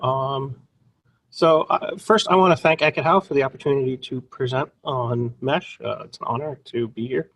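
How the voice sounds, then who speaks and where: A man presents a webinar in an upbeat, playful way and slips in jokes. His voice sits at a middle pitch. He talks like someone at ease in front of an audience. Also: moderate pace, fairly bright tone.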